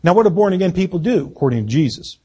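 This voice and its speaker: A man delivers a church sermon in a raised, rather high voice with a husky edge. He swells on his key points and then drops to softer, conversational asides to the congregation. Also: sing-song, quick pace. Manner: preaching with rising emphasis, then dropping to quiet asides. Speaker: pastor. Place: church sanctuary.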